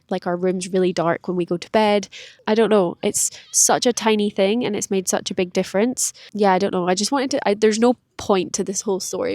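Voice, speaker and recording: A woman's voice: mid-range voice, no room sound. Chatty woman in her late twenties. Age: late 20s. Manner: chatty, rambling, self-deprecating, many "like"s. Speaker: vlogger. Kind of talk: candid personal vlog monologue. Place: outdoors in a park.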